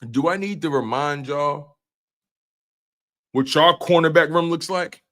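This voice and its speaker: A man's voice: fairly high pitch, measured pace, pushed and bright. A man hosting a live sports stream, breaking down team news and ranting heatedly at rival fans. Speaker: sports show host.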